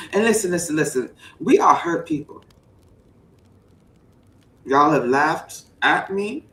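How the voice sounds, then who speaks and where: A woman giving a playful sermon-style riff on a voice call, preachy and repetitive, bursting into high whoops. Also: fairly bright tone. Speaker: show participant preaching to the group. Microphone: voice chat mic. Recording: roomy, distant voice chat audio, faint hum.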